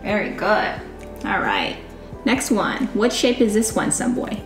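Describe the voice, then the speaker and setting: A woman patiently teaching her toddler at home, repeating simple questions and giving warm praise. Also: mid-range voice, very animated, a little slow. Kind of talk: homeschool teaching, one-on-one with a child. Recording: roomy room sound with music behind.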